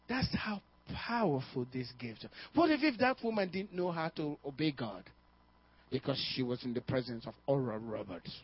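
A man preaching a sermon as a pastor, telling a story with frequent "uh" and calls of "Amen?", swinging between hushed and loud. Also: mid-range voice, husky. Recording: dull, muffled sermon recording.

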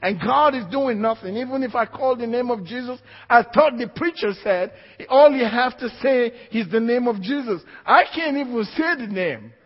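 A man's very high, animated voice moves at a moderate pace with hardly any pauses as he preaches to a congregation. Emphatic, he repeats key phrases and adds little laughs between points. The church hall recording is dull, lo-fi, and full of long reverb.

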